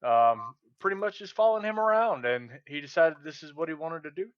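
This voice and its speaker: A man's voice: fairly high pitch, expressive, brisk, no echo. A man introducing his character as a player, casual and upbeat. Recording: dull, dry sound.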